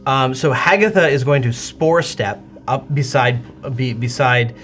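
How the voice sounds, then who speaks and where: A man narrating as game master of a tabletop game, animated and hesitant with many fillers. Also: medium pitch, unhurried, soft background music.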